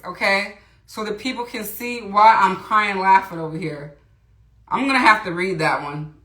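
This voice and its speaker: A chatty woman talks through her makeup on a livestream, greeting viewers and reading their comments as she goes. Her voice is bright and clear, and the room around her sounds roomy and echoey. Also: medium pitch, moderate pace. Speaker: beauty livestream host. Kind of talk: casual makeup tutorial livestream. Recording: roomy echo.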